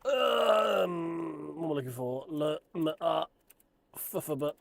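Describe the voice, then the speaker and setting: A man's voice: on the high side, slow, vocal fry, no room sound. A man in his thirties chatting casually on a sim racing live stream, rambling and joking at his own expense. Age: 30s. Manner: rambling, self-deprecating, joking.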